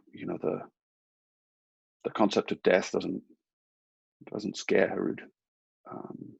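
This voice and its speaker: A man describing his character's actions in a tabletop game, halting with fillers. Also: low voice, creaky, husky, dry recording, highs cut off. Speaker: player.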